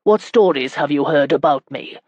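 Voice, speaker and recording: Woman narrator doing a stern quick-tempered baron, low deep tone, dry close sound, audiobook. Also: darkish tone, no room sound.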